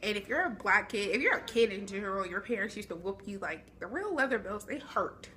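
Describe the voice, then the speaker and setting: A young woman vlogging a storytime, animated and chatty with dramatic asides, speaking to a camera at home. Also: mid-range voice, a little fast, a little hiss or hum. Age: young adult. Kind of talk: storytime vlog.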